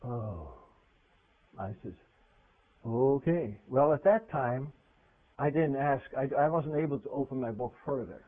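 A man preaching a sermon in a conversational way. He asks his listeners questions, and his voice swings from loud to hushed. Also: mid-range voice, lively intonation, measured pace, pauses often. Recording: tinny phone-like radio recording.

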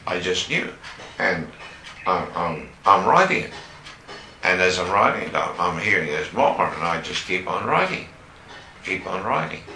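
Slow deep-voiced preacher in an echoey hall. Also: male voice, big pitch swings, pushed and bright, slight background noise. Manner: slow, emphatic preaching with rises on key words. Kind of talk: sermon. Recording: echoey room with faint ambience.

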